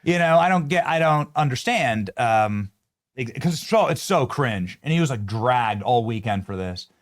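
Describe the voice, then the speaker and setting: Lively man hosting, raised in Iowa. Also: mid-range voice, moderate pace. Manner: lively, incredulous. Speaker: show host. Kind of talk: political interview.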